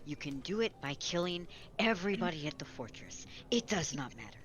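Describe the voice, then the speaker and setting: A woman's voice: lowish voice, sing-song, fairly quick. A woman playing a tabletop game, talking in a bossy, exasperated way. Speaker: player. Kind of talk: tabletop role-play.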